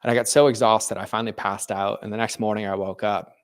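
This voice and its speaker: A man's voice: lowish voice, little pitch movement, quick pace. A man speaking as a podcast guest, telling a personal story earnestly and candidly, with many "like" fillers and restarts.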